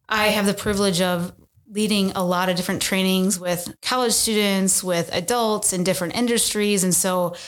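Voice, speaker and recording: Earnest woman guest explaining. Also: mid-range voice. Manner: earnest and explanatory, often tags "right?". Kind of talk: casual interview.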